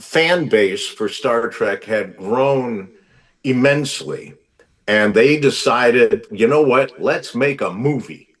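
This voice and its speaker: Slow, measured man telling a story. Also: mid-range voice, a bit bright, far from the mic. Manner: measured, pausing with fillers. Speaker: guest telling a celebrity story.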